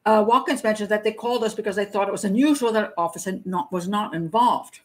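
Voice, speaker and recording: A woman's voice: medium pitch, fast, low-quality recording. A middle-aged woman hosting a crime profiling show, reading a news story aloud with stumbles and her own asides. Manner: breaks into nervous laughter at grim details. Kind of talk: live patron hangout commentary.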